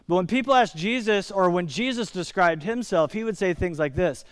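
A man from Indiana preaching a sermon as pastor, emphatic and slowing down to stress key words. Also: sits high, animated, smooth, no echo.

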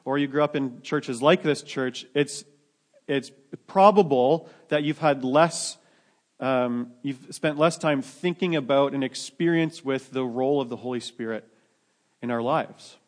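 A man's voice: medium pitch, unhurried. A man preaching a sermon to his church in a conversational way, often restarting his sentences and adding joking asides. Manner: conversational, many restarts, self-deprecating asides. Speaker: pastor.

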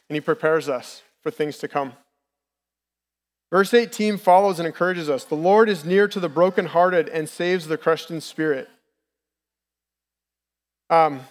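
Candid man preaching in a reverberant hall. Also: a little high. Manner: candid, personal, conversational preaching. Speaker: lay preacher. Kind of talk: sermon.

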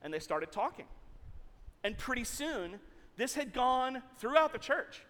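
A man pastor telling a story in an animated, jokey way to his congregation in a church hall. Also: very high-pitched, a little slow. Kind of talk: sermon storytelling.

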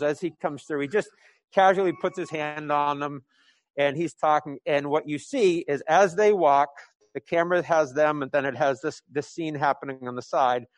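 A man's voice: on the high side, no room sound. A man from New England preaching conversationally, painting a scripture story like a film scene with many fillers and restarts. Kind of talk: sermon told as a vivid imagined film scene.

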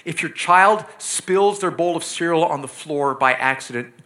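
Brief: middle-aged male pastor, sermon delivery, bright forceful tone, earnest and emphatic. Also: on the high side, measured pace, hardly any pauses. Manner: earnest, pleading, emphatic with sudden loud bursts.

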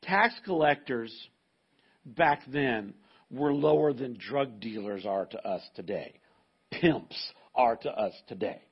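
A man's voice: mid-range voice, animated, slow pace, breathy edge. A male pastor giving a sermon to a live congregation, talking in an emphatic, conversational way with frequent restarts, in a dull, muffled recording. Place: church service with a live congregation.

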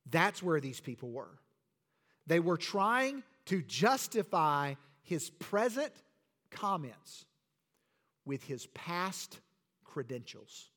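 A man's voice: a little high, a bit bright. A man preaching a sermon to his church with emphatic, rhetorical delivery. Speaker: pastor.

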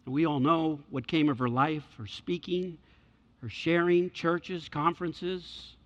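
A man preaching a sermon and telling a story, swinging between loud passages and hushed ones. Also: on the high side, fairly even intonation, unhurried. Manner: dramatic shifts between loud and hushed delivery. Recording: echoey hall, dull lo-fi sound.

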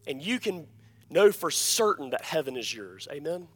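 A man with a high-pitched voice preaching a sermon to a congregation. He preaches emphatically, repeats his key phrases, and checks in with a questioning "Amen?". He swings between loud, forceful points and quiet, low-voiced asides. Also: very animated, moderate pace, slightly rough. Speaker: pastor.

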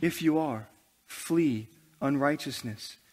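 A man's voice: a little high, slow pace. A male pastor preaching a sermon to his church, building intensity with humorous asides.

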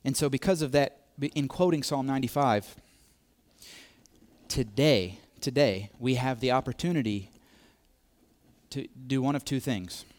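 A man's voice: mid-range voice, moderate pace, a little mellow. A man preaching a sermon, repeating key phrases, swelling to emphatic peaks and dropping to near whispers. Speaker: pastor.

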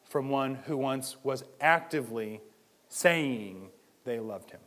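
A man preaching a sermon as pastor, talking conversationally and moving from quiet asides to loud pleading. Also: medium pitch, expressive, a little slow.

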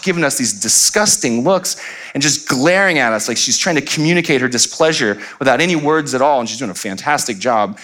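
A man in his thirties preaching a sermon as pastor, telling humorous stories with quick asides to the congregation. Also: mid-range voice, animated, fairly bright tone. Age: 30s. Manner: storytelling with jokes and asides to the congregation. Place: church sanctuary.

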